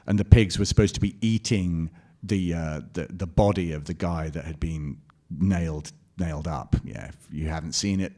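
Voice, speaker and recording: Low-voiced guy telling animated stories to fans at a con panel. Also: normal speed, hardly any pauses. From Scotland. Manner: lively anecdotal storytelling with quoted voices and laughs. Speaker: convention panel guest actor. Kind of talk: storytelling Q&A panel. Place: convention hall panel.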